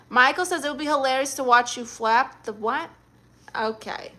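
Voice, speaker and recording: A woman's voice: high-pitched, unhurried, pushed and bright. A young adult woman hosting a livestream, reading chat messages aloud and answering with sassy, teasing comebacks.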